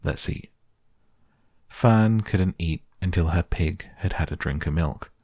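A man reading a children's novel aloud as a calm bedtime audiobook, with a gravelly, husky voice. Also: low voice, measured pace, no room sound, studio quality. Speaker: audiobook narrator.

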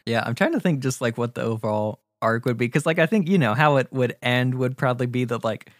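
A relaxed man muses over a script idea in casual chat, loose and thoughtful with plenty of fillers. His pitch sits in the middle, and the recording is dry and close. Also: quick pace, no room sound. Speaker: co-writer brainstorming a short film.

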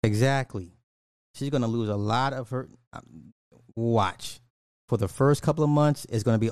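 A man's voice: mid-range voice, moderate pace, darkish tone, clear, resonant tone, no room sound. Guy going off on a rant, cussing, says stuff twice, dry close sound. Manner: blunt, profane, repeats lines for emphasis. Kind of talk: casual commentary rant.

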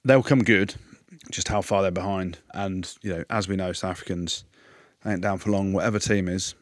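Man, low voice, dry close mic, bantering rugby host. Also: steady tone, normal speed, dry recording. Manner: banter, ribbing. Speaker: podcast host. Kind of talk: casual rugby chat.

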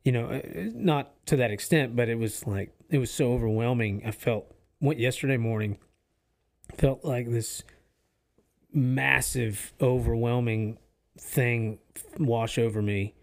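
Man, podcast co-host, earnest, halting, reflective, mid pitch, casual faith chat. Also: fairly even intonation. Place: office used for recording podcasts.

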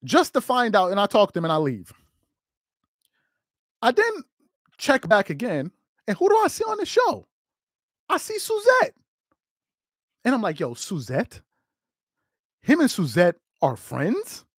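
A man with a high, lively voice rides big swings in pitch as he hosts a podcast. He talks emphatically and hammers points by repeating them. The sound is dry and close. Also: unhurried, pauses often, no echo. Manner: emphatic, repeats lines for effect. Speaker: podcast host. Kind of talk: animated monologue.

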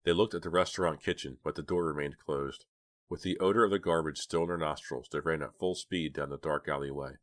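A man narrating a novel in a steady, even storytelling manner. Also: a bass voice, brisk. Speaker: audiobook narrator. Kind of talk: scripted narration.

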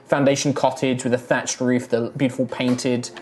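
A man's voice: medium pitch, little pitch movement, normal speed, a little mellow, a little hiss or hum. A man narrating a tabletop game as game master, with casual, rambling descriptions full of ums.

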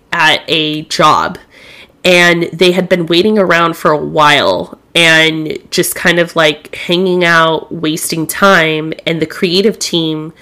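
A woman's voice: sits low, fairly bright tone. A young woman hosting a podcast alone, chatting candidly and swearing freely. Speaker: podcast host. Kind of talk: casual solo podcast chat.

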